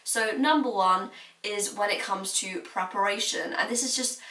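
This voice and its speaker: A woman's voice: medium pitch, normal speed, bright, forceful tone, recorded from a distance. A young woman, giving candid, chatty advice to her viewers. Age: late teens. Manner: chatty and confiding, laughs now and then. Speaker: student vlogger. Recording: roomy, mic set back.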